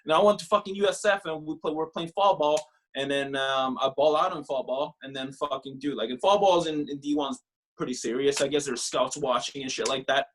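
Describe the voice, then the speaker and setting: A young man from Canada, a podcast guest and former pro ballplayer, telling his story in a casual, profane, animated way full of filler phrases. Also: fairly high pitch, brisk.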